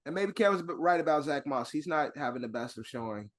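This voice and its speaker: A man's voice: on the high side, animated. A man co-hosting a sports podcast, joking and cursing in loose banter. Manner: joking, profane, quick agreement. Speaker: podcast co-host.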